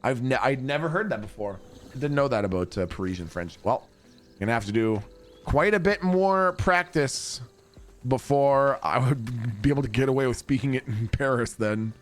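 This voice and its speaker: A man's voice: mid-range voice, expressive, moderate pace. Chatty man streaming to chat. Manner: rambling and chatty, with casual swearing. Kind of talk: casual chat with viewers while gaming.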